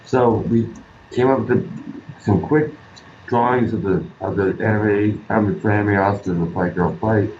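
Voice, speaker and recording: A man's voice: on the low side, steady tone, moderate pace, darkish tone, slight background noise. A man, an artist guest in an interview, telling stories in an earnest, rambling way. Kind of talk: casual interview talk. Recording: roomy, dull lo-fi sound.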